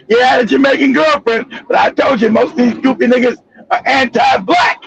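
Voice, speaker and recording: A male live stream host giving heated, profane political commentary, ranting and often shouting. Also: very high voice, fairly even intonation, normal speed, vocal fry, lo-fi sound.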